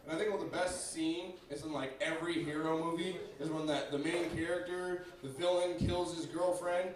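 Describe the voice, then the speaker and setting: A brash, profane young man working a stand-up set on a club stage, his voice pitched a little high. He is caught from a distance, so the sound is thin and carries a heavy, echoing room around it. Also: steady tone, moderate pace, a little hiss or hum. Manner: brash, profane, crowd-addressing. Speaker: stand-up comedian. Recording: echoey club, mic far off.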